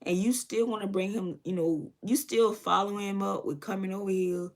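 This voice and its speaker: A woman's voice: mid-range voice, steady tone, moderate pace, a little mellow. Woman vlogger, casual storytelling over makeup, loose and chatty. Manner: loose and chatty, many fillers and asides. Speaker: beauty vlogger.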